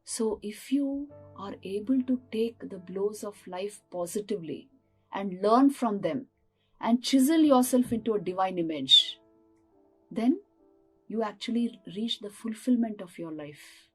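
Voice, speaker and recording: A woman's voice: mid-range voice, expressive, measured pace, husky, faint music behind. A woman, a monastic teacher giving an earnest spiritual talk that mixes rhetorical questions with storytelling. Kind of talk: sermon.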